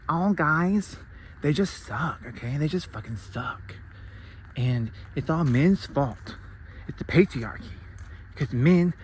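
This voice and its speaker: A man's voice: mid-range voice, a little hiss or hum. A man giving a heated, profane spiritual rant, sarcastic and emphatic, who swears freely. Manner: sarcastic, mocks others in put-on voices. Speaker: spiritual vlogger.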